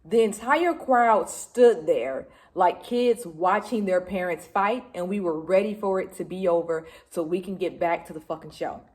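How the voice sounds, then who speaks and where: A middle-aged woman from Detroit, a music vlogger telling a casual recap to her phone camera, lively, swearing freely and acting out what people said. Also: lowish voice, moderate pace, hardly any pauses. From Detroit, USA.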